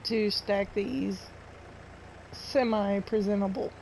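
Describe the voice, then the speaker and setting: A woman's voice: medium pitch, steady tone, slow, gravelly, a little mellow, slight background noise, poor audio. A woman streaming a farming game, chatting casually and rambling to her viewers. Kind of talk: casual live-stream chat while playing.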